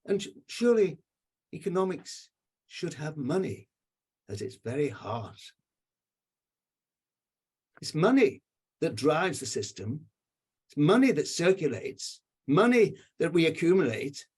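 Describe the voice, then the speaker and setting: A man's voice: a little high, big pitch swings, a little slow, long pauses, darkish tone, breathy edge. An older man on a video call giving emotional, indignant remarks with emphatic repetition. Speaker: panel commenter.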